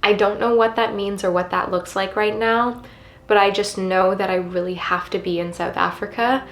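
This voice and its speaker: A woman's voice: medium pitch, steady tone, moderate pace, a bit bright. A young woman vlogging in a casual, confessional chat, earnest and rambling with many fillers. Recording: roomy with faint music behind.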